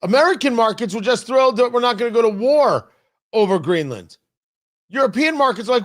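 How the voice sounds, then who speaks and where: Animated high-voiced male radio host. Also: brisk. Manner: animated, emphatic, mocking impressions. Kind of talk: talk radio commentary.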